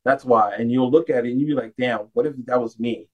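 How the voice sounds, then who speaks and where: A man's voice: medium pitch, fairly quick, recorded from a distance, highs cut off. Easygoing male podcast guest. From United States. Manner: loose, filler-heavy, heartfelt. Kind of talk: casual podcast chat.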